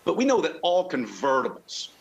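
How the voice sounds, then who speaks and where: A man's voice: on the high side, huge pitch swings, vocal fry, poor audio. Rambling man on a video call. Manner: rambling, halting, with many restarts. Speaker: car club guest. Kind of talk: casual chat.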